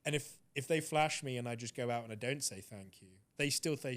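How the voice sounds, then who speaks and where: A man's voice: medium pitch, brisk, few pauses. A man with an English accent, a guest telling stories in a casual chat. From Britain. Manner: animated storyteller. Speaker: interview guest.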